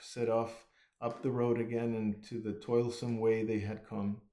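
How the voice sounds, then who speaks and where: A man narrating a classic storybook in a measured, even reading with small slips. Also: mid-range voice, poor audio. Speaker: audiobook reader.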